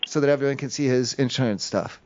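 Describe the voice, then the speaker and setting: A man's voice: medium pitch, quick pace, noisy background. Man, prank phone call, rambling storyteller, lots of fillers, muffled audio. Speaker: prank caller.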